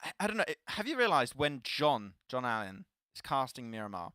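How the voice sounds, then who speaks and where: Bright-voiced French esports caster. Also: male voice, mid-range voice, brisk, clean tone, no echo. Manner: playful, laughs easily, rises to excited calls. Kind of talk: live esports commentary.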